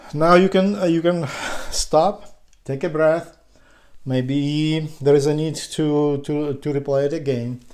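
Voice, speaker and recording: Slow, dark-voiced man teaching. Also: medium pitch. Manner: hesitant, many fillers and restarts, patient. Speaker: language teacher. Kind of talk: slow explanatory lesson.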